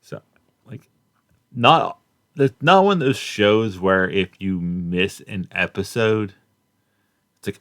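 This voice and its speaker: A young man giving a casual, rambling spoken review of a cartoon, halting often and filling gaps with "like" and "uh.". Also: fairly low pitch, a bit bright, no echo. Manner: rambling, halting, many fillers and restarts.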